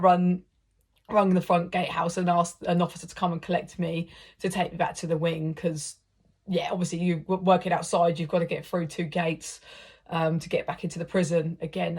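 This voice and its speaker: A woman with a British accent telling a long personal story straight to camera. Her voice sits a little low for a woman. She rambles in a chatty way, stacking up "like" and "um" as she goes. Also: steady tone, moderate pace, a little mellow, breathy edge. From United Kingdom. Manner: chatty and rambling, heavy use of "like" and "um". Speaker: vlogger, former prisoner.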